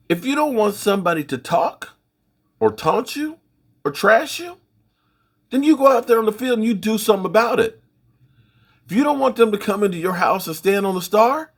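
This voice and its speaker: A middle-aged man hosting his own sports channel, giving folksy, opinionated commentary in a rambling, casual way with a husky voice. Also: high voice.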